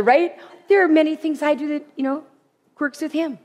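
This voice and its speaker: A woman's voice: high voice, a little fast, noisy background. Woman preaching with humor in a reverberant hall. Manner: animated, humorous, repeats key phrases. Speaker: women's speaker. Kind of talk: sermon.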